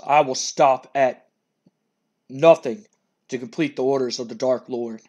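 A man voicing a sinister wrestler villain who speaks for a dark lord, talking slowly and ominously. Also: close to an everyday voice. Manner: slow, booming, ominous delivery.

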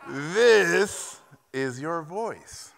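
A man putting on a gruff old Hungarian teacher. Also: fairly high pitch, expressive, drawn-out words, a bit bright, voice pushed up, exaggerated voice. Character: blunt old male animation teacher, harsh but kind. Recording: echoey lecture hall.

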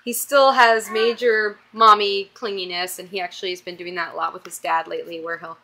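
A woman's voice: medium pitch, little pitch movement, fairly quick, sharp tone. A young woman vlogging casually at home as a mom, chatty and doting, often stopping to coax her toddler.

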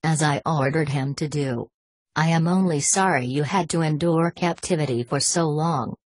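A woman voicing a calm, commanding older male mastermind with a French accent, speaking in a measured, quietly menacing way in an audiobook reading. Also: deep voice, slightly rough, no echo.

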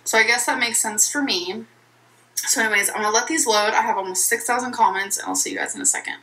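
A woman's voice: fairly high pitch, quick pace, pushed and bright, low-quality recording. A woman chatting casually in a vlog, rambling and giggly. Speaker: vlogger in a played clip.

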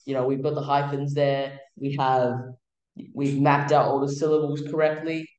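A man teaching music theory in a casual, halting way, with many fillers and restarts. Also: a little high, completely flat delivery, a little mellow, roomy sound, low-quality recording. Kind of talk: casual explanatory lesson.

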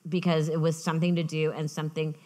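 A woman in an onstage festival conversation who spins lively anecdotes, often tripping into restarts as she goes. Her voice sits a little low for a woman. She speaks conversationally and with energy. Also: fast. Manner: lively storytelling, frequent restarts. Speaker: author, guest. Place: festival stage.

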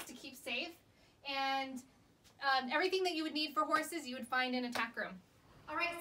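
A woman's voice: high voice, pushed and bright, slight background noise. A woman preschool teacher giving a children's lesson outdoors at a farm barn, explaining things cheerfully and simply for kids.

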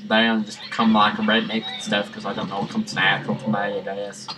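A man giving rambling, jokey let's-play commentary that breaks into sudden excited yelps. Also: lowish voice, brisk, noisy background. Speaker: gaming channel host. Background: game music.

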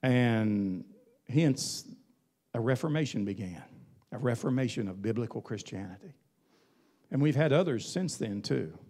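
A man's voice: medium pitch, lively intonation, measured pace, pauses often, darkish tone. A male pastor preaching a sermon in an emphatic, folksy way, with colloquial asides.

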